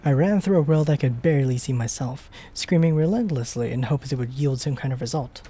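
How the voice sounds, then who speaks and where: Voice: fairly quick, husky, natural voice. A streamer reading game text aloud in character as a panicked young woman trapped in a burning building, stammering and crying out. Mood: frantic. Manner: frantic, stammering, breaking into high shouts and whispers.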